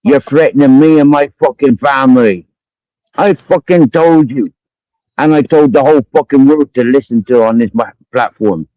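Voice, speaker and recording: He speaks at a normal speed in a medium pitch, a Cumbrian-accented man swearing constantly as he angrily rants at someone during a livestream. Between repeated accusations he drinks. The stream audio is dull and lo-fi, with no room sound.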